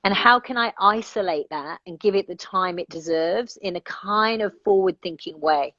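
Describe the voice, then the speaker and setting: A woman's voice: on the low side, normal speed, fairly bright tone, no echo, dull audio. A woman life coach speaking as a guest in an interview, earnest and reflective, thinking aloud and checking that the listener follows her.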